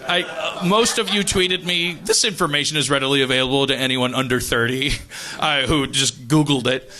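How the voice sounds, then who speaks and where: A man's voice: medium pitch, moderate pace, a crowd in the background. A slightly tipsy man hosting a live comedy podcast, rambling and restarting mid-thought. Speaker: podcast host.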